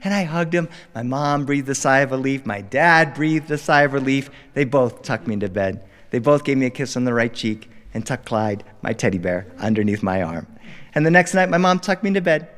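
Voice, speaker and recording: Animated male storyteller in a hall. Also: medium pitch, brisk. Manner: animated, rhythmic delivery with repetition. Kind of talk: live storytelling performance. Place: stage before a live audience.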